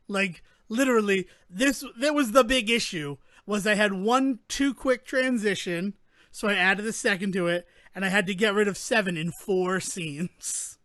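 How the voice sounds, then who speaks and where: High-voiced chatty man. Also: moderate pace, a bit bright, no room sound. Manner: chatty, full of "like" fillers. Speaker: podcast co-host. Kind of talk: casual chat.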